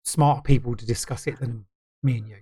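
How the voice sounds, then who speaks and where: Husky man chiming in. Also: mid-range voice, steady tone, brisk, dry recording, studio quality. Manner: quiet, joking interjections. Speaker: podcast co-host. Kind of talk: casual chat.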